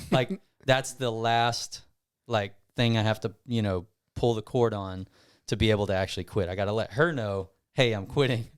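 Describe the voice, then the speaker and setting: A man who owns a gym, telling a long personal story on a casual podcast, rambling and animated as he quotes himself. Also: lowish voice, smooth, dry recording, studio quality. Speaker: gym owner guest.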